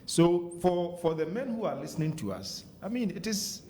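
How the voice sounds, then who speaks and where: A Ghanaian man talking as a radio guest, earnest and measured, often checking in with "okay?". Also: high-pitched, big pitch swings, warm tone, a little hiss or hum. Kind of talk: candid radio talk. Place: radio studio.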